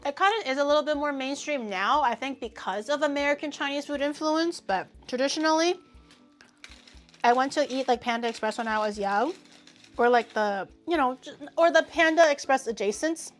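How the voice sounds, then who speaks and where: A woman hosting a casual livestream, talking to chat in an animated, ranting way and swearing freely. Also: high voice, normal speed, faint music behind. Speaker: livestream host.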